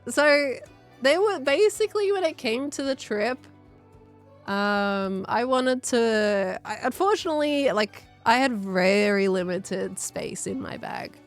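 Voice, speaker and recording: A woman's voice: a little high, animated, slow, faint music behind. A young woman chatting casually on a livestream, her voice strained and a bit congested, coughing now and then as she rambles and thanks viewers. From Australia. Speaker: streamer.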